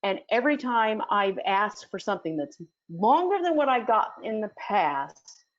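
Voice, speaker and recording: A woman's voice: mid-range voice, big pitch swings, normal speed, muffled recording. A woman giving a casual talk as a dog sport instructor, chatty, with many fillers and restarts. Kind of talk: casual teaching talk in an audio chat room.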